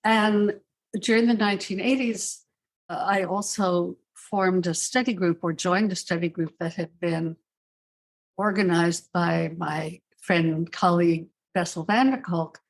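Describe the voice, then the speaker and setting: An older woman speaking as a psychiatrist guest in an interview, telling her story in a measured, thoughtful way with dry asides. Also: fairly low pitch, steady tone. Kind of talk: reflective interview answers.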